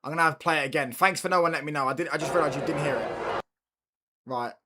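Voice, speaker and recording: A man's voice: on the high side, fast talker, noisy background. A young man chatting casually on a football watchalong stream, repeating his points and bantering with viewers. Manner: repeats lines, slangy banter with chat. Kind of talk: casual live-stream chat.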